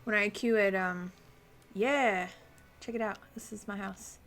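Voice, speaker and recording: A woman's voice: mid-range voice, fairly even intonation, measured pace, a bit bright, faint music behind. A woman streaming a video game, chatting casually and thinking aloud as she plays and answers her chat. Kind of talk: casual live-stream commentary while playing.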